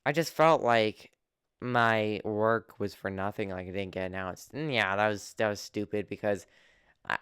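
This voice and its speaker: A young man talks through a personal story with halting, earnest phrasing and frequent restarts. His voice sits low and comes through very clean. The sound is close and dry, with no room around it. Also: a bit bright, clean tone, no echo. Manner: earnest and open. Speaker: vlogger.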